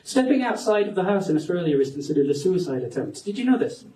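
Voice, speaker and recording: Scottish comic on stage, high voice, chatty and sweary, echoey club heard from a bit away. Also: male voice, big pitch swings, fast, mellow, distant mic. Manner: rambling, self-mocking, sweary, conversational. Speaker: stand-up comedian. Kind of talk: stand-up comedy set. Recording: roomy club sound from off-mic.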